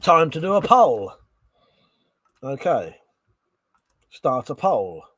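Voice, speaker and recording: A man's voice: fairly high pitch, sing-song, takes it slowly, a bit bright, no echo. A tipsy man hosting a casual livestream, reading viewer comments aloud, laughing often and swearing freely. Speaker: livestream host.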